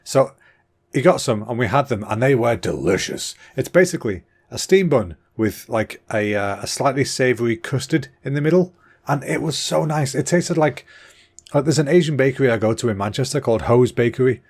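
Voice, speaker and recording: This is a man, hosting a casual solo podcast. His voice sits at an ordinary pitch for a man. He talks in an excitable, rambling way, a little out of breath, with a throat that sounds slightly clogged. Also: fairly quick, husky. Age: 30s. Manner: chatty and excitable, with fillers and restarts. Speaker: podcast host.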